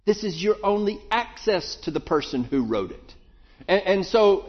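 A man with a slightly raised voice preaching a sermon in an easy, conversational way. He often circles back and repeats words as he thinks aloud. The recording sounds dull and lo-fi. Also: fairly high pitch. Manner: conversational, thoughtful, with frequent restarts and repetitions.

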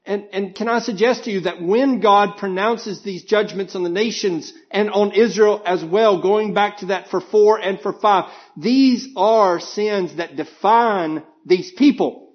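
A man's voice: high-pitched, measured pace, hardly any pauses, muffled recording. A man preaching a sermon, earnest and emphatic, reading scripture aloud and pressing his points.

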